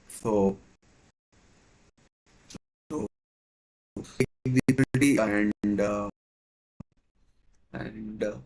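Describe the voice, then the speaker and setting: A man's voice: mid-range voice, poor audio. A man hosting a live football watchalong, giving hesitant play-by-play with many fillers and restarts. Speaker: watchalong host. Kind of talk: live match commentary watchalong.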